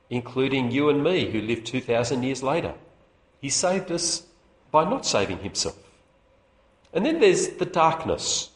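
A man preaching a sermon to a public meeting, expressive, with rhetorical questions and small chuckles. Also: mid-range voice. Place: meeting hall. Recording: echoey room.

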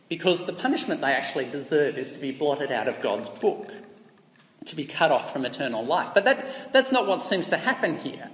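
A man's voice: on the high side, fairly bright tone. A man with an Australian accent preaching a sermon in an earnest, emphatic way, asking rhetorical questions. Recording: echoey hall with long reverb.

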